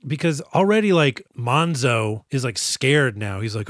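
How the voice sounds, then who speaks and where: A man co-hosting a podcast in casual chat, animated and profane, acting out characters as he retells scenes. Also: mid-range voice, normal speed, hardly any pauses, no room sound, studio quality. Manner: animated, swears a lot, acts out characters in quoted lines. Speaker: podcast co-host.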